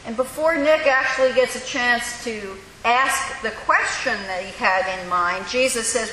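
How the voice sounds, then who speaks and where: A woman preaching a sermon in a church, telling the story with lively, acted-out voices. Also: a little high, measured pace, few pauses. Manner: animated storytelling, acting out voices. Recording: echoey hall with faint hiss.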